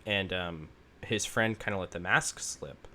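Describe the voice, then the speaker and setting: A man with a very low voice hosts a podcast in loose, casual chat. He rambles along with plenty of fillers and swearing, and a faint hum sits behind him. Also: unhurried, bright, forceful tone. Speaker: podcast host.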